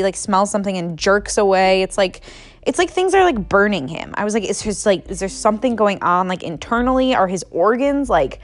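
A young adult woman casually telling a story on a podcast, filling her talk with "like" and swearing freely. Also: mid-range voice. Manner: chatty, heavy use of "like", swears freely.

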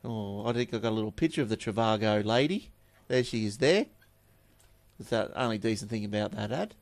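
A man's voice: on the low side, animated, fairly quick, dry recording. Australian male podcast host, chatty news reader, offhand asides, dry close recording. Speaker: tech podcast host reading news stories. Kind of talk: casual chat and news reading.

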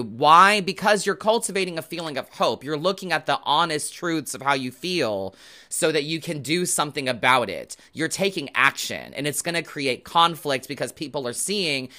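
The speaker is a man who hosts and reads tarot for viewers, his voice somewhat high and very bright. He's conversational and relaxed, wandering off in chatty tangents and letting the odd swear word out.

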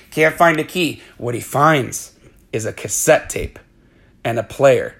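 A man casually recapping a movie plot, animated, acting out the characters' lines and swearing freely. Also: medium pitch, moderate pace. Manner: animated retelling with acted-out quotes.

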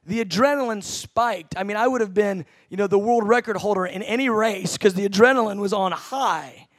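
A man in his thirties preaching a sermon, telling a family story with animated, acted-out quotes and laughs. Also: high voice, normal speed, no room sound. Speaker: pastor.

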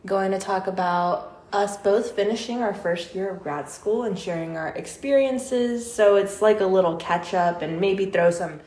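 A woman's voice: medium pitch, moderate pace, few pauses, a little mellow. A young adult woman co-hosting a podcast, friendly and upbeat in casual chat. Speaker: podcast co-host. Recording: echoey room.

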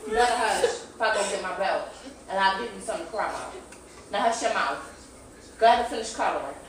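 A woman hosting a podcast from home in casual chat, blunt and profane, scolding loudly at times. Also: mid-range voice, lively intonation, fast talker. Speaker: podcast host. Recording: noisy background.

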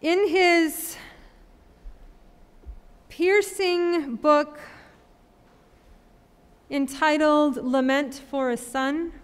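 A woman pastor delivers her sermon in a high, clear voice. She speaks very slowly and leaves long pauses between phrases. Her words trail off into the long reverb of a large church. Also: fairly even intonation. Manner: slow, measured preaching with long pauses. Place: church sanctuary.

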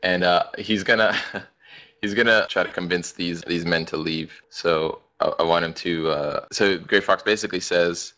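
A man's voice: low voice, steady tone, normal speed, pushed and bright. A man playing a tabletop game, talking hesitantly and often restarting his sentences. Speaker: player. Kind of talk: casual tabletop play.

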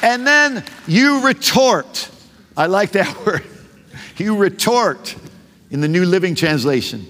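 A man's voice: high voice, expressive, slow pace, fairly bright tone, some chatter behind. A man preaching a sermon as a pastor, passionate and full of rhetorical questions. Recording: long reverb of a large hall.

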